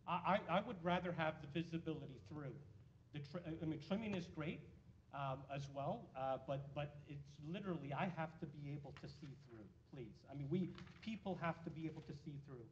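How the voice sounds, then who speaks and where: A man speaking as a resident at a council meeting, nervous and halting, full of fillers and restarts. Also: on the high side. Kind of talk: public deputation. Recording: dull lo-fi meeting audio with faint noise.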